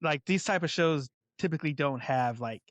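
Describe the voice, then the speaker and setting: A man's voice: on the high side, normal speed, no room sound. A man hosting a casual podcast, talking in a laid-back, rambling way with lots of fillers. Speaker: podcast host.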